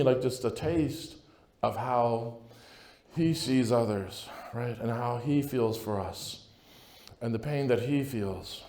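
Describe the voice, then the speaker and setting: A man's voice: medium pitch, darkish tone. Earnest man preaching in an echoey hall. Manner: earnest, conversational, keeps asking "right?". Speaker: priest. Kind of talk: conference talk, personal testimony. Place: large hall at a conference.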